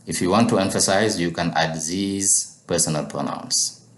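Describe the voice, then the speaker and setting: A man's voice: low-pitched, normal speed, reverberant, a little hiss or hum. A man teaching a language lesson, patiently repeating each word for learners.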